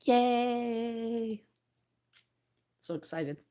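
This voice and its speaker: A woman's voice: on the high side, drawn-out words, mellow. Chatty, laughing woman live-streaming. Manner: chatty, laughs often, reads viewer comments aloud. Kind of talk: casual live-stream chat.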